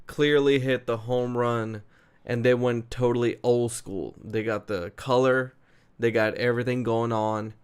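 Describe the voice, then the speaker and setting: A man chatting casually as a show host, with a smooth, clear voice. He is loose and excitable, and he talks like he is on an online call with a friend. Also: mid-range voice. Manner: excitable, laughs often, fillers like "dude" and "man". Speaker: podcast host. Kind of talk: casual wrestling chat.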